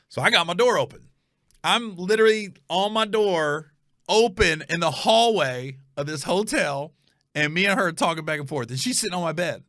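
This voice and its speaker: In clean studio audio with no echo, a forties-aged comedian host tells a story at normal speed in a high voice. He's casual, swears freely, stays animated, and voices every character himself.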